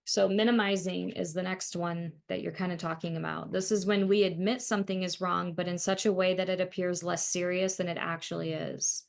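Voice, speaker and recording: A woman's voice: fairly low pitch, fairly even intonation, a little fast, creaky, few pauses. A woman co-hosting a podcast who talks with clients as a counselor, giving blunt, opinionated views in casual chat.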